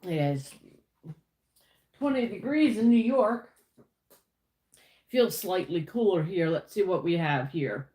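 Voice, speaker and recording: A woman's voice: fairly low pitch, lively intonation, slow, long pauses, warm tone, reverberant. A woman hosting a casual livestream from the United States, greeting viewers by name and chatting about her week. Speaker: livestream host. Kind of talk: casual live chat.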